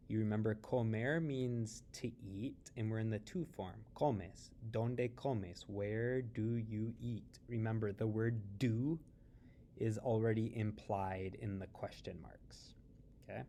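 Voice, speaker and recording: A man teaching Spanish grammar in English, patiently explaining and slowly repeating example questions. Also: on the low side, dark tone, a little hiss or hum. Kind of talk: tutorial explanation.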